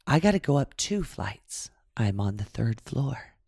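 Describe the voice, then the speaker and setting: A woman guest casually telling a travel story in a dramatic, animated way, swearing freely. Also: a bass voice, unhurried, vocal fry, slightly rough, no room sound, clean studio sound. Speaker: podcast guest.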